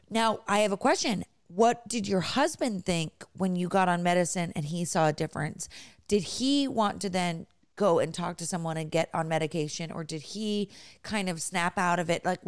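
Woman host, conversational interview, frank, supportive, lower voice.

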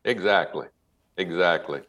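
A man, a politician guest, giving his opinions haltingly with many pauses and restarts. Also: deep voice, fairly bright tone. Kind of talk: casual interview remarks.

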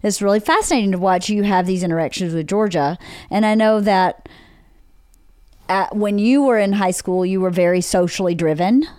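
A woman's voice: mid-range voice, moderate pace, darkish tone, clear, resonant tone, no room sound, clean studio sound. A middle-aged woman hosting a casual chat, reflecting on her family and laughing easily. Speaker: podcast host, wife. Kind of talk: casual conversation.

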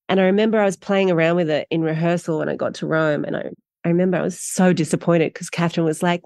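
A middle-aged woman with an Australian accent, a guest actor telling stories in a casual interview, animated and quick in bursts, laughing often. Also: fairly low pitch, creaky, no echo, clean studio sound.

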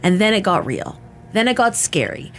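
A woman's voice: mid-range voice, sing-song, normal speed. A woman giving an emotional personal testimony in a casual, filler-heavy way, acting out what people said. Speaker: interviewee recounting her assault.

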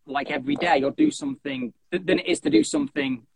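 A young man hosting a running podcast, chatting in an animated, jokey way and often cutting into his own sentences. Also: very high-pitched, fast talker, gravelly, husky, dry recording, rough recording. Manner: animated, jokey, self-interrupting. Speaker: podcast host. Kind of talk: casual chat.

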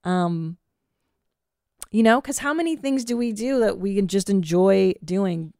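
A woman in her forties hosting a podcast, chatting casually and telling stories in a profane, self-mocking, animated way. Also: mid-range voice, a little slow, dry recording, clean studio sound. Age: 40s. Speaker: podcast host. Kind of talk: casual solo chat.

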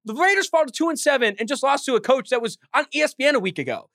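A man co-hosting a sports podcast, talking in a heated, rapid rant. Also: extremely high pitch, expressive, fairly bright tone, no echo, studio quality. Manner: fast, heated ranting. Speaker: podcast co-host.

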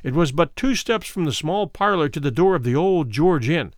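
Expressive male storyteller, dry close sound. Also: fairly high pitch, moderate pace, no room sound. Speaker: narrator. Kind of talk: reading a classic story aloud.

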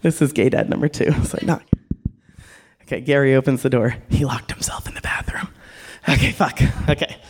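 A woman who works as a porn director, telling a frank, animated story to a live audience and acting out the voices. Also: a bass voice, fairly quick, slightly rough.

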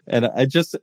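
A man from the United States co-hosting a casual tech podcast, talking in long rambling stretches with frequent laughs and restarts. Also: no echo. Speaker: podcast co-host.

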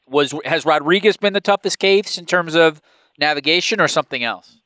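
A man's voice: a little high, fairly quick, bright, forceful tone, no echo. A man interviewing a guest, asking long, carefully built questions.

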